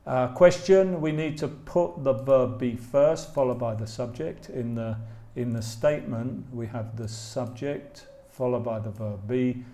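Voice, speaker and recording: A man from England with an English accent, teaching a grammar lesson slowly and patiently, repeating key points with frequent ums. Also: medium pitch, dark tone. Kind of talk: slow, explanatory grammar lesson.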